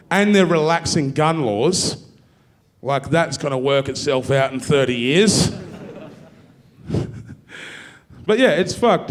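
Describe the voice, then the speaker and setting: A man with an Australian accent doing a stand-up comedy set, telling dark stories in a profane, deadpan way. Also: high voice. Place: university theatre with live audience.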